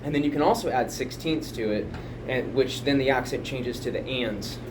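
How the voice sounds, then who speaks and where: A man's voice: mid-range voice, normal speed, heavy background noise. A man casually explaining a drum pattern, rambling and chatty, counting beats aloud at home. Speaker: drum teacher. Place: home music room. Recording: home room, mic picking up loud drum kit from a distance.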